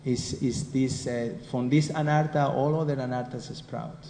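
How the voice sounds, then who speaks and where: A Spanish-accented man teaches a devotional scripture class in a mid-range voice that is warm, mellow, and steady, moving at a measured pace. He keeps it conversational, constantly turning questions back to his listeners, while a roomy hall echo rings out over a faint hiss.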